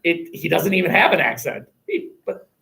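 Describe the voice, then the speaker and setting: A man's voice: fairly high pitch, big pitch swings, moderate pace, creaky, bright, forceful tone. A male history teacher lecturing a class in a conversational, rambling and wry way, recorded by webcam in a classroom.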